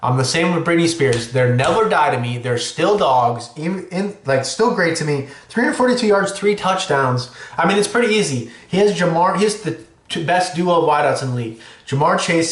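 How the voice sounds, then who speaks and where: A man hosting a sports podcast, ranting excitably and cursing freely. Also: on the high side, reverberant. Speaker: podcast host.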